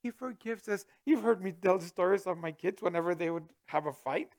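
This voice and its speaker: A middle-aged pastor delivers a brisk sermon, swinging between booming and hushed tones and slipping in chuckling asides.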